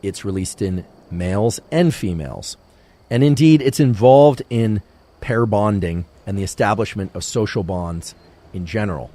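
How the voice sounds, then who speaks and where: A male scientist giving a calm, measured science podcast lecture. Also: lowish voice.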